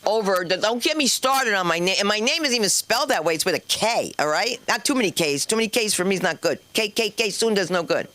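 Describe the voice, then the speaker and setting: Working the crowd from a comedy club stage, a female host of a stand-up night keeps up chatty, teasing banter. Her voice is medium in pitch with a fairly bright tone.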